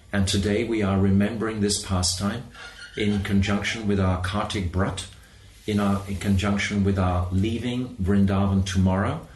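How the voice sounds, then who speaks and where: A man's voice: fairly low pitch, roomy sound, slight background noise, poor audio. A man telling a devotional story in a sermon, emotive, acting out the quotes and closing with chanted praises. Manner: emotive, acts out quotes, ends in call-and-response chants. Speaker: preacher.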